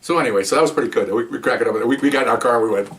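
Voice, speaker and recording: A man's voice: medium pitch, racing, far from the mic. An older man, a retired police officer, animatedly telling a personal story and acting out the scene. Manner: animated, acts out the scene with gestures.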